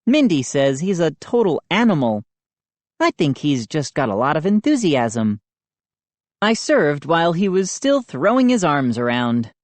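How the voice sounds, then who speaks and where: A woman reading a children's audiobook aloud at a slow, steady pace, her pitch moving lively through the lines. The reading is dry and close, with no room sound. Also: no echo. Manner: expressive, unhurried reading. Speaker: audiobook reader. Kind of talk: scripted audiobook narration.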